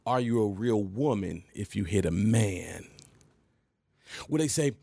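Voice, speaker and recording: A man in his thirties casually telling an animated story to camera, laughing and jumping high when he quotes himself. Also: unhurried, vocal fry, pauses often, no echo, clean studio sound. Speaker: vlogger.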